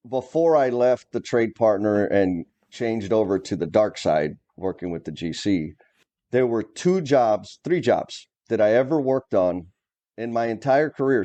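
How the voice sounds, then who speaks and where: A man's voice: fairly low pitch, animated, normal speed, dark tone. A middle-aged man, a former plumbing superintendent, telling stories from the trade in a casual, blunt way, with mild cursing. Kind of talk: casual conversation.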